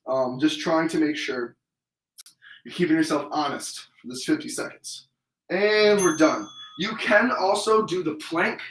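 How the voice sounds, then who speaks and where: A man's voice: fairly high pitch, bright, forceful tone. A young man leading a live workout class, encouraging and counting reps while he exercises, out of breath. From New York or Vermont, US. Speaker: fitness instructor. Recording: roomy sound from a distant mic.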